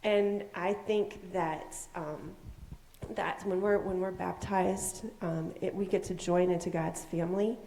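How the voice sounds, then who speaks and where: Animated woman telling kids a story. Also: lowish voice, unhurried, slight background noise. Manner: animated, asks questions, acts out voices. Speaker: children's message leader. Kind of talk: children's sermon, storytelling to kids. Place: church sanctuary. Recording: echoey sanctuary.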